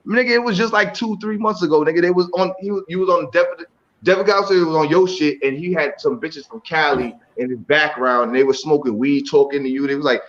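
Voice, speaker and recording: A man with a high, bright-pitched voice talks hip hop over a dull, lo-fi call line. He is loud, profane and keeps repeating himself, tagging slang onto his lines in casual chat. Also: brisk. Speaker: guest on a hip hop talk stream.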